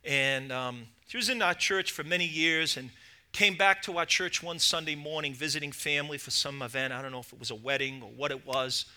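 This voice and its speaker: A middle-aged man preaching a sermon as lead pastor, impassioned, swinging between shouted peaks and low asides. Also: fairly quick, smooth.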